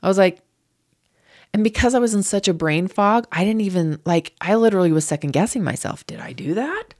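With a mid-range, slightly mellow voice and a slightly fast pace, a female interview guest tells a painful personal story. Her grief is raw, and when she's upset her voice rises sharply.

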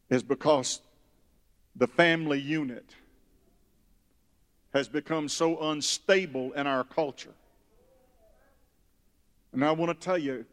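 A man preaching a sermon, reading scripture and breaking into loud emphatic bursts. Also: fairly high pitch. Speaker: pastor. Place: church sanctuary. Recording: long hall reverb.

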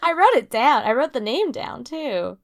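A young woman co-hosting a relaxed podcast, rambling with plenty of fillers. Her voice has a gravelly fry to it, and laughter keeps breaking through her chat. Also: high voice, normal speed. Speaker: podcast co-host. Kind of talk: casual chat.

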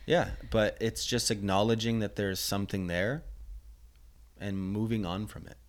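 A young man as a podcast guest in casual chat, rambling and animated. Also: lowish voice, moderate pace. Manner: rambling, animated, restarts often.

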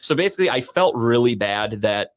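A man co-hosting a podcast, telling a long story in a profane, animated, casual way. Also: mid-range voice, a little fast, dry recording. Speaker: podcast co-host.

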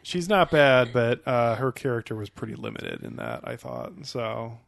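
A man's voice: mid-range voice, very animated, moderate pace, vocal fry. A man co-hosting a casual movie podcast, blunt and joking. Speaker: podcast co-host.

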